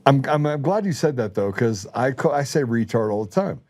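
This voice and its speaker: A man's voice: medium pitch, expressive, fairly quick, darkish tone. A middle-aged man hosting a casual chat, joking around and telling stories. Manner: joking, storytelling. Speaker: host.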